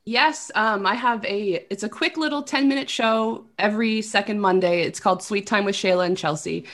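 A woman's voice: mid-range voice, normal speed, a bit bright. A woman from Canada, a guest on a podcast, bubbly and enthusiastic, with lots of "like"s. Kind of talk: casual podcast chat.

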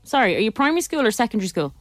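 A woman's voice: on the high side, sing-song, racing, no room sound, soft background music. A woman co-hosting a radio show, chatty and playful. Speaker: radio co-host. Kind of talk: casual radio chat.

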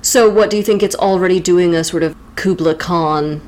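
A woman's voice: fairly low pitch, normal speed, darkish tone. A woman co-hosting a literature podcast, playful and teasing in a casual chat. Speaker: podcast co-host.

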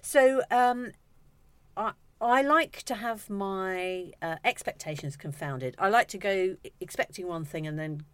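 A woman's voice: mid-range voice, a little slow, a bit bright, clean tone, no echo. A woman food critic chatting as a guest, self-deprecating and rambling. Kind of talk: casual chat.

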